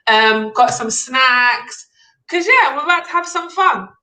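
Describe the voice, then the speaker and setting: Young woman, bright and chatty game host, slightly high voice. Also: expressive, a little slow, low-quality recording. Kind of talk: casual online chat.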